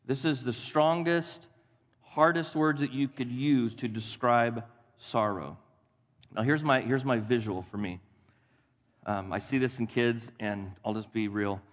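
A man preaching a sermon as pastor, animated and acting out the voices of Bible figures for his congregation. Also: medium pitch, measured pace. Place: church sanctuary. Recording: long hall reverb.

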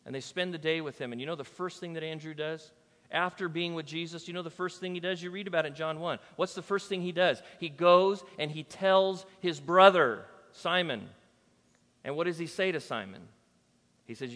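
A man's voice: fairly high pitch, fairly quick, fairly bright tone, big-room sound. A man preaching a sermon as pastor, talking casually and bantering with his congregation.

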